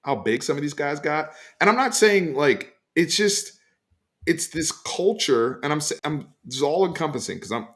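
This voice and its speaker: A man hosts a casual sports talk show, pressing his opinions hard and leaning on fillers as he goes. His voice sits at an ordinary middle pitch. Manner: animated, emphatic opinions with frequent fillers. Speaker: sports podcast host.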